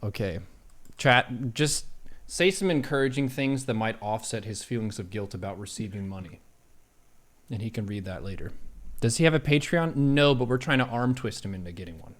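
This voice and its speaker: A man's voice: mid-range voice, normal speed. A man hosting a casual live-stream discussion, playful and teasing, laughing often. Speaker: show host.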